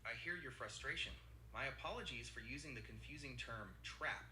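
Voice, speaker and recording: A synthetic male assistant voice speaking in an even, formal, apologetic way. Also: medium pitch, a little fast, roomy sound, a little hiss or hum.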